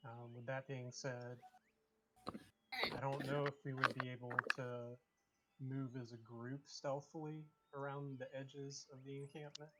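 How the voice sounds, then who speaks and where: A man playing a tabletop game, thinking his party's plan through out loud. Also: medium pitch, flat delivery, a little slow, heavy background noise. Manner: thinks out loud, planning tactics. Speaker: player.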